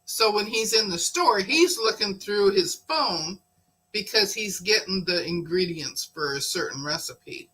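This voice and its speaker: A woman's voice: mid-range voice, expressive, a little slow, a bit bright, breathy edge, poor audio. A woman guest chatting in a friendly, casual way. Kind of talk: casual chat.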